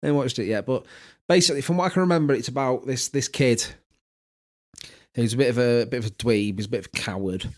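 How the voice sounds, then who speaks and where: A man's voice: mid-range voice, fast. A man, co-hosting a podcast in casual chat, telling stories animatedly. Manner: animated storytelling, puts on quoted voices. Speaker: podcast co-host.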